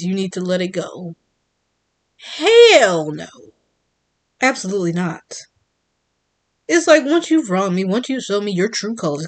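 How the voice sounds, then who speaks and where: A woman giving a blunt, defiant monologue as a vlogger, repeating her points from the United States. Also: medium pitch. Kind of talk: emphatic monologue.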